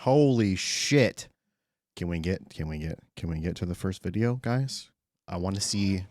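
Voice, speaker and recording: A man streaming live, chatting casually and excitably with his chat, swearing often and greeting viewers by name. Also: low-pitched, normal speed, no echo.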